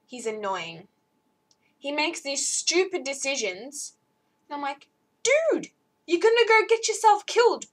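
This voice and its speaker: A teenage girl chatting to camera from her bedroom, rambling and jumping high when excited. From Australia. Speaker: vlogger. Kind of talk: casual chat to camera.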